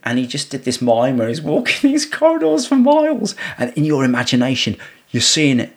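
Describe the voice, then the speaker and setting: Man, podcast guest, reflective, musing, casual chat, mid-pitched voice. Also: huge pitch swings, fairly quick.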